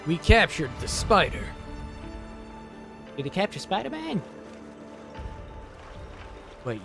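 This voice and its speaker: Excitable streamer man with lively pitch. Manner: excitable, talks to himself and chat, jumps between mumbling and loud shouts. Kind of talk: casual gameplay commentary. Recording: game music playing behind the voice. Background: game music.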